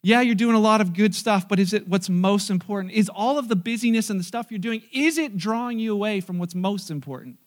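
A man preaching a sermon in church, animated and joking, acting out scenes. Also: high voice, brisk, hardly any pauses. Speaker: pastor.

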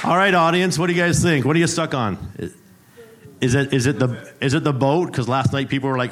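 Playful pastor running a word game. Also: male voice, mid-range voice, brisk, fairly bright tone. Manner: playful, jokey, teacherly, repeats himself. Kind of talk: sermon with a playful game-show bit.

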